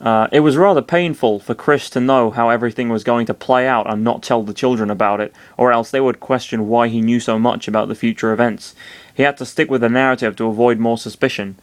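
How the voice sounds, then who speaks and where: A man's voice: mid-range voice, steady tone, fairly quick, no room sound. A young man reading a fan fiction aloud, casual and breaking off to swear and apologize. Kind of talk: comedic dramatic reading.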